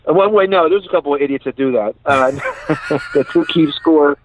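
Calling in by phone from his parked truck, a comedian with a Philadelphia accent chats casually and laughs his way through rambling stories. His voice is fairly high and moderately paced, the phone line sounds tinny and dry, and a crowd can be heard in the background.

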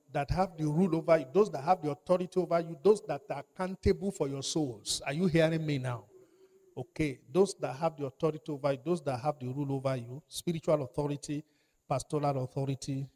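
A man's voice: a little high, fairly even intonation, brisk, dark tone. A man preaching a sermon, repeating key phrases and calling out to his congregation for responses. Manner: emphatic, repeats phrases and calls for audience response. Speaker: pastor.

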